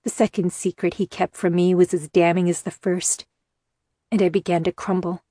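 A woman's voice: on the low side, flat delivery, moderate pace, mellow, dry recording, clean studio sound. A woman reading a first-person story aloud with tense, emotional delivery. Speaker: audiobook narrator. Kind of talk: first-person audiobook narration.

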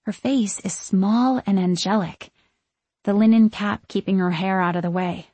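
A woman narrating a story in the first person with an expressive, storytelling delivery. Her voice is husky and a little breathy, recorded close in a dry, dead room. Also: medium pitch, a little slow, dry recording. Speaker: audiobook narrator.

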